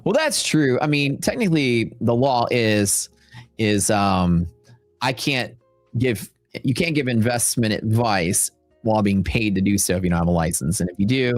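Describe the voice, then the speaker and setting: Chatty, low-voiced Texan livestream host. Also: male voice, expressive, normal speed, dry recording, faint music behind. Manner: rambling, chatty, with frequent fillers and asides. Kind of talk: casual livestream chat.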